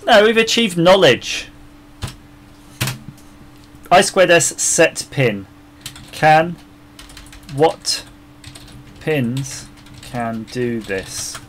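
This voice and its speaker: A man chats casually on a live stream as he designs a circuit board, laughing often and muttering while searching, his microphone about three feet away. His voice is fairly high, animated and a bit bright, and he talks very slowly with long pauses.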